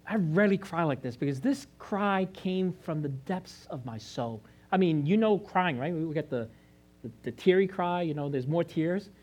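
A man's voice: high voice, expressive, moderate pace. A man from China, a pastor, giving a personal testimony sermon, earnest and confessional, often restarting and rising in emphasis.

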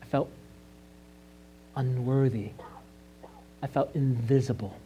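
A man's voice: medium pitch, steady tone, takes it slowly, dark tone, a little hiss or hum. A man from China, a pastor, giving a personal testimony sermon, earnest and confessional, often restarting and rising in emphasis.

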